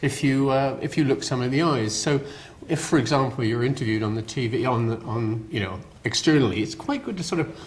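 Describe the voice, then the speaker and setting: A man's voice: medium pitch, brisk, slight background noise. An older man with a West Country accent giving a public lecture, rambling and dryly self-deprecating. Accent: West Country English. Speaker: guest lecturer. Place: lecture hall.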